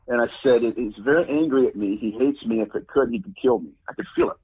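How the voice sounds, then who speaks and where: A man's voice: medium pitch, fast, hardly any pauses, breathy edge. A man, a religious demonologist, earnestly telling a personal story as a guest in an interview, often quoting himself. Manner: earnest, recounts events and quotes himself. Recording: phone-like narrow sound.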